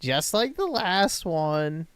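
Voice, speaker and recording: Screeching shrill woman, hypocritical and sneering, high and drawn out, as a male streamer puts her on. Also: sing-song, fairly bright tone, clear, resonant tone, no room sound, heavily acted. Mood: sneering parody. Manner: sneering parody, slow and drawn out. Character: screeching, hypocritical young woman being mocked.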